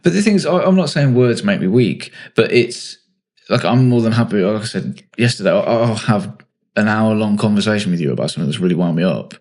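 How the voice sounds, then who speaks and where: A man hosting a podcast, chatting in a relaxed, self-mocking way and thinking aloud. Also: lowish voice, a little fast. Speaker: podcast host. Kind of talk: casual podcast chat.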